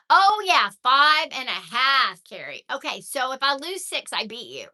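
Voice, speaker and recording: An older woman talks casually to her viewers, chatty and animated. Her voice sits high and swoops in a lively way, with a very bright tone. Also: a little slow, few pauses. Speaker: vlogger reading live chat.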